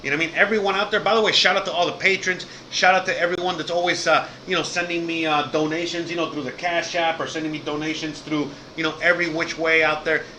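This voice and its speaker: A man's voice: on the high side, fairly even intonation, fast, few pauses, sharp tone, slight background noise. A man hosting his own channel, talking casually and at length to his viewers, rambling, swearing and repeating "you know what I mean". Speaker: channel host.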